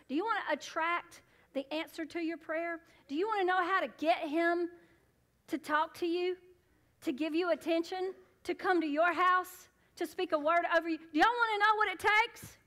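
Emphatic high-voiced woman pastor preaching. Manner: preaching with rising emphatic bursts and hushed asides. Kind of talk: sermon.

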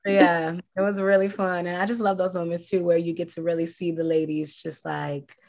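A woman's voice: lowish voice, level tone, moderate pace, creaky, a little mellow. A woman interviewed as an actress, talking casually and reflectively with frequent fillers. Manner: chatty, reflective, many fillers.

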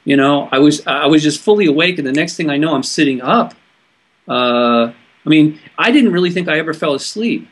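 A man from California with a somewhat high, husky voice recounts a personal experience to an interviewer. He talks earnestly and haltingly, often breaking off and restarting his sentences. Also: expressive. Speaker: interview guest. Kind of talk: personal storytelling in conversation.

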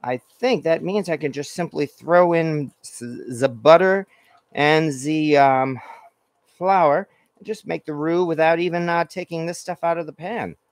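Slightly high and a touch slow, this man's voice comes through with no room sound. He's the host of a home cooking stream, rambling casually while cooking at the stove and reading comments from viewers. Fillers pile up, and he keeps restarting and correcting himself.

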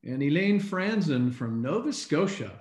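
Unhurried and very animated, a man with a slightly high, somewhat mellow voice reads out names upbeat as co-host of a live online recognition event. He often clears his throat, and the video call comes from an echoey room.

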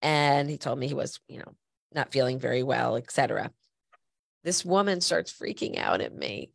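A woman's voice: very deep voice, moderate pace, creaky, dry recording. A woman hosting a podcast, a little stuffy from a cold, chatting and telling stories straight to listeners. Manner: chatty storyteller, direct appeals to listeners. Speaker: podcast host. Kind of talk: conversational podcast talk.

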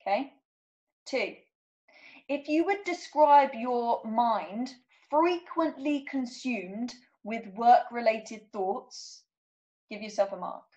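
A woman's voice: a little high, expressive, slow pace, a little mellow, poor audio. A woman coach giving a workshop talk, reading out numbered statements and checking in with her listeners. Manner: checks in with frequent "okay?".

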